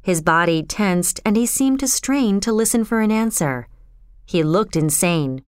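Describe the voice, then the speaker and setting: Smooth-voiced woman narrating a story. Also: medium pitch, lively intonation, measured pace, dry recording, clean studio sound. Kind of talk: audiobook narration.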